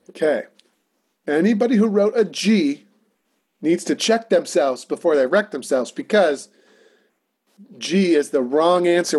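A man's voice: high-pitched, a little mellow. A man teaching a casual music lesson, talking through rhythms and singing them on simple syllables. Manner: talky, encouraging, sings rhythm syllables.

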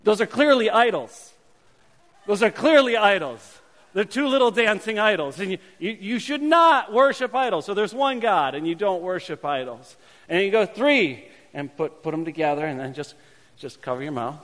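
A man, a pastor, teaching a congregation a playful hand-gesture game in his sermon, shifting between lively calls and quiet asides. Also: high voice, normal speed. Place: church sanctuary. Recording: long hall reverb.

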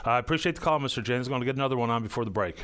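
A man hosting a phone-in radio show, politely and briskly moving callers along. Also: medium pitch, fairly bright tone, smooth. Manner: brisk, polite, wrapping up calls. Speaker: radio talk show host.

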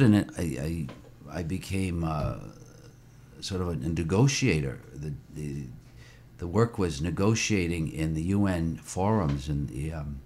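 A priest in his sixties talks through his memories in a very low, deep voice, halting often with fillers and restarts. Faint room noise sits under his speech. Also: a little mellow. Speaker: priest, interview guest. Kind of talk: reflective interview conversation.

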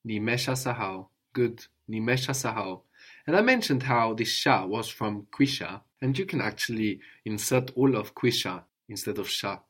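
A man's voice: on the low side, expressive, moderate pace, a bit bright, slightly rough. Patient male language tutor. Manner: patient, drills with prompts and tag questions. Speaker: language teacher. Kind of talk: one-on-one language lesson.

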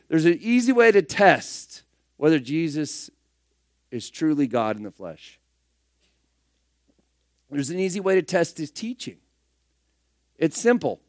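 A man preaching a sermon, firing rhetorical questions and swinging between loud emphatic bursts and hushed asides. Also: fairly high pitch, big pitch swings, measured pace, pauses often, no echo, studio quality.

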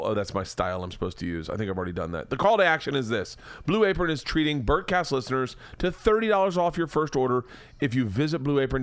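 A man's voice: medium pitch, fairly bright tone, clear, resonant tone, no echo. A man in his forties hosting a podcast, doing a loose, profane, joking ad read. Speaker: podcast host. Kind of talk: casual ad read.

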